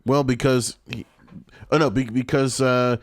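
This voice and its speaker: A man's voice: mid-range voice, steady tone, a little slow, dry recording. A man co-hosting a podcast, recapping a TV episode in casual chat, laughing often and acting out lines. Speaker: podcast co-host.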